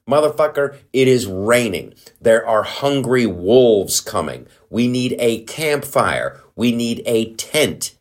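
A man's voice: mid-range voice, lively intonation, takes it slowly, few pauses. A middle-aged man hosting a comedy podcast, ranting in a heated, profane, worked-up way.

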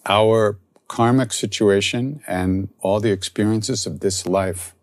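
A man, a spiritual teacher, telling a story and then reflecting softly on spiritual practice. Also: on the low side, takes it slowly, no room sound. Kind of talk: storytelling talk.

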